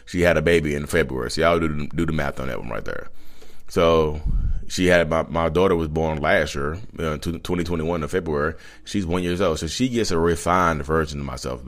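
Brief: man in his thirties, very low voice, fast and rambling, blunt vlog confessional. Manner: blunt, rambling, with self-corrections. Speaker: vlogger. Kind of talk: candid confessional monologue.

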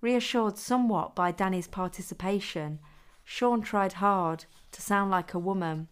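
A woman who is the author, reading her own adult story aloud in a steady, even manner. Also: medium pitch, measured pace, clear, resonant tone. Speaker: author and narrator.

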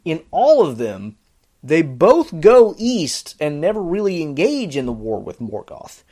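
A man with a somewhat high voice talks casually as a podcast host reviewing a series. He sounds exasperated and sarcastic, and his delivery is animated. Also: a little slow. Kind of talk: casual commentary.

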